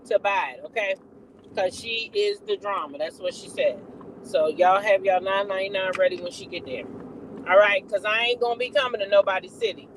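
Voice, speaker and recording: A woman's voice: mid-range voice, slight background noise, low-quality recording. A woman hosting a gossip channel, chatting casually, laughing and repeating punchlines.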